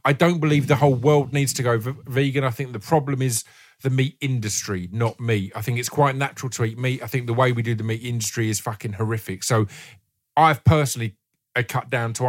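A man's voice: mid-range voice, steady tone, brisk. A man hosting a casual, sweary chat and reading out listener questions. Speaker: podcast host.

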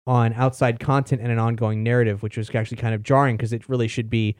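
A man's voice: mid-range voice, flat delivery, quick pace, a little mellow, dry recording. Chatty, dry-sounding male podcast host. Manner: rambling and chatty, with casual swearing. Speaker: podcast host reviewing books. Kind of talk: casual chat.

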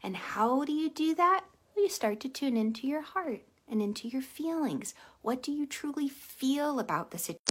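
A woman hosting a casual motivational livestream, telling stories animatedly and dropping to a soft hush on key points. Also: high voice, moderate pace. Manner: animated storytelling with acted-out quotes. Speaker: live stream host, empath coach.

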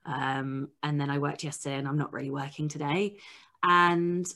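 Woman, podcast co-host, tired, deep voice, casual self-deprecating chat. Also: steady tone, normal speed, pushed and bright.

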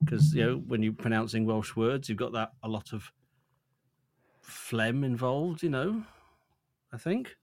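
A man's voice: mid-range voice, unhurried, vocal fry, long pauses, a little mellow. A man bantering and joking playfully in a casual podcast chat.

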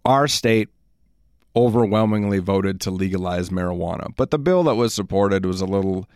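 With a low, darkish, clear, and resonant voice at normal speed, a South Dakota man hosts his casual solo podcast, recorded cleanly in a studio without echo. He rambles, cracks jokes at his own expense, tells stories, and slips into silly voices.

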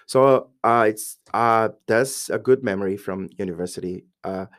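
A man in his forties from Brazil, speaking English with a Brazilian accent as a Portuguese native speaker. He is a guest in a casual podcast interview, telling lively stories as an English teacher. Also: lowish voice, normal speed. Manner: lively storyteller who acts out quoted voices.

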